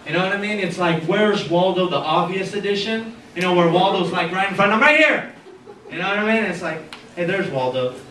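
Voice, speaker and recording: A man's voice: sits high, fairly quick, fairly bright tone. A young man doing a stand-up set at an open mic, rambling and self-deprecating, with lots of "anyways" and fillers. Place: small art gallery, indoors. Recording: echoey gallery room, far camera, audible room noise.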